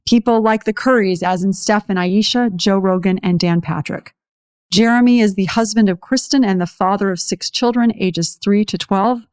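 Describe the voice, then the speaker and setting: A woman's voice: medium pitch, darkish tone, no room sound, clean studio sound. A woman hosting a podcast, reading a polished introduction and asking interview questions. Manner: polished, measured delivery. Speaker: podcast host.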